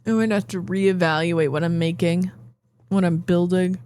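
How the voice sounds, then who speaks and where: A tired woman streamer rambling and thinking out loud as she plays a game, with playful asides. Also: on the low side, fairly even intonation, normal speed, clear, resonant tone. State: yawning, tired. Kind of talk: casual gameplay commentary.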